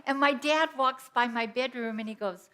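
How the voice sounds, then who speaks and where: A woman's voice: on the high side, moderate pace, fairly bright tone. A woman giving an inspirational sermon at a Sunday church service, speaking conversationally and telling personal stories. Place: church sanctuary.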